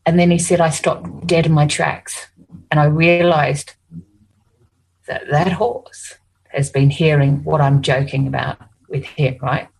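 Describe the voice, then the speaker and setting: A woman's voice: deep voice, fairly even intonation, unhurried, creaky, a little mellow, husky, rough recording. An Australian woman working as an animal communicator and hypnotist. She tells stories in casual conversation, rambling, restarting often and saying "you know" a lot.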